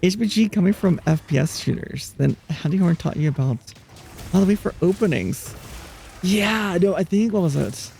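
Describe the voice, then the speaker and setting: A male streamer with a soothing, relaxing voice, pitched a little high but mellow in tone. He speaks softly and unhurriedly, with a gravelly edge, and faint music plays behind him. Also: animated, normal speed, slight background noise. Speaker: live streamer. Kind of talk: casual chat, answering viewers while gaming.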